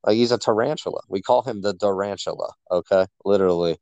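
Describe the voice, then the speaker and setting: A man's voice: on the low side, fast, warm tone, clean tone, dry recording, lo-fi sound. A man co-hosting a sports podcast, talking enthusiastically and rambling with lots of fillers. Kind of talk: casual sports chat.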